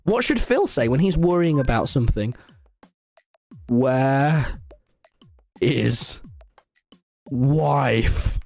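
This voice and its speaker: A young Englishman streaming a game in loud, excitable casual chat, swearing freely. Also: very slow, pauses often, soft background music. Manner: loud, excitable, swearing, jumping into squeaky baby talk.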